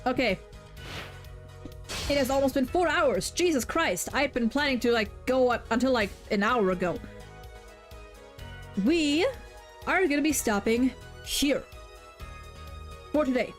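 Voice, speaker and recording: A woman's voice: sits high, lively intonation, measured pace, long pauses, faint music behind. A young woman with a German accent, German her native language, chatting casually over a game and swearing freely. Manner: swears freely, stammers on restarts. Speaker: streamer.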